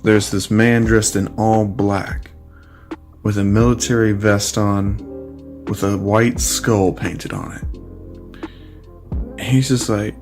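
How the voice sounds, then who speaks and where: A man's voice: fairly low pitch, flat delivery, slow, pauses often, a little mellow, faint music behind. A man casually retelling a fan story, rambling with many fillers and crude swearing.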